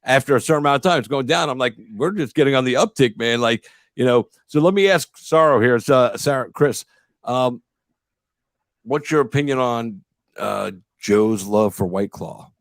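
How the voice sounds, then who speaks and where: A man's voice: mid-range voice, moderate pace, no echo, clean studio sound. A man hosting a casual interview show, joking and swearing as he fires off eager questions. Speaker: show host.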